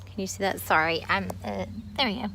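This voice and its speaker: A woman's voice: mid-range voice, fairly quick, gravelly, noisy background. A woman chatting casually as she walks through her garden filming on a phone, rambling a bit and a little out of breath. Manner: chatty, rambling, talks to kids and dog while filming. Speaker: homestead vlogger giving a garden tour. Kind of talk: casual walking garden tour. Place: outdoors in a backyard garden. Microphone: phone camera held while walking.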